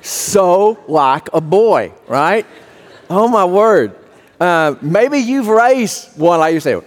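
Man preaching a sunday sermon, folksy storyteller, bit high voice, long echo from the church hall. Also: very animated, slow. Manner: folksy storytelling, repeats words as he goes. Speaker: pastor.

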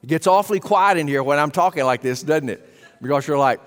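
High-voiced preacher in a reverberant hall. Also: male voice, fast. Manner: emphatic, rhetorical questions to the congregation. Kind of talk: sermon. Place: church sanctuary.

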